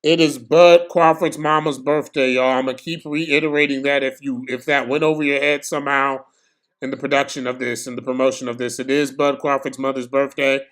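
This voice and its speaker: A young man giving casual, slangy live commentary on a boxing match for his stream, excitable and prone to bursts of shouting. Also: medium pitch, a little fast.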